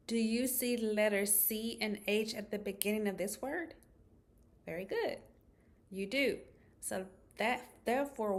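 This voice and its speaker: Woman speech therapist, slow and patient delivery, over-articulates sounds for kids. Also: mid-range voice, a bit bright. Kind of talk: children's speech lesson.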